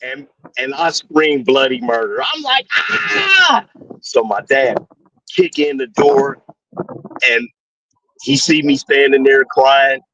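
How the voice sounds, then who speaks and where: Phoning into a call-in show, a man spins a crude, casual story, profane and animated, laughing as he goes. He takes it slowly in a medium-pitched voice, over dull, dry, lo-fi call audio with slight background noise.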